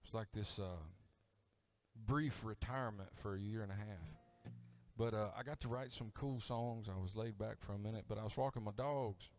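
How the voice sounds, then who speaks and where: A middle-aged singer-songwriter from Alabama with a Southern accent, telling a folksy story on stage between songs. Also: male voice, on the low side, normal speed, darkish tone. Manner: folksy, laid-back storytelling. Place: live music coffee house stage. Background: acoustic guitar playing.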